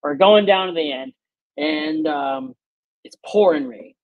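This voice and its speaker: A man's voice: on the high side, measured pace, no room sound, phone-quality sound. A man hosting a podcast, telling casual, profane work stories and acting out what people said. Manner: profane, animated storyteller who acts out quotes. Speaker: podcast host. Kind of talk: casual storytelling chat.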